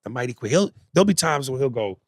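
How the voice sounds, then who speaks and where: A man co-hosting a podcast in casual chat, animated, swinging from loud outbursts to low mutters. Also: fast, no room sound, studio quality. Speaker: podcast co-host.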